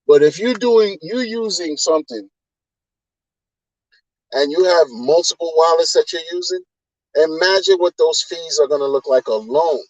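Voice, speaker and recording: Rambling man with a higher voice. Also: no room sound, poor audio. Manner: rambling, repetitive, exasperated. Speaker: crypto livestream host. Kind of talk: casual livestream rant.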